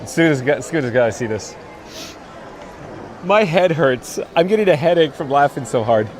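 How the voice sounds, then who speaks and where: Brief: man, fairly high voice, live stream host, giggly and rambling, faint outdoor noise behind. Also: lively intonation, moderate pace. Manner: laughing helplessly, giddy and rambling. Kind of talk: casual live stream chat. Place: outdoors at a theme park.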